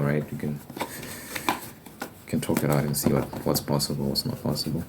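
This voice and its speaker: A young man with an extremely deep, low voice rambles loosely in a casual ASMR chat, dropping the occasional swear word. Clear noise sits under the recording, with tapping and shuffled cards behind him. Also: monotone, normal speed. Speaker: ASMR creator. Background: tapping and card shuffling noise.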